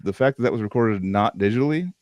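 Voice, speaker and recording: A man hosting a podcast, chatting casually in an excitable, rambling way and laughing often. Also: lowish voice, fast, no echo. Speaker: podcast host. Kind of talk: casual chat.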